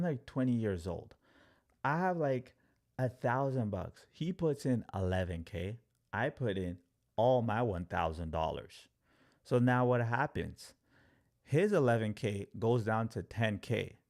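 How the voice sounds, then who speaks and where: Low, gravelly man chatting on a livestream. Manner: animated storyteller, acts out quotes, filler-heavy "like". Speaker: crypto trading educator. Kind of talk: livestream talk to viewers.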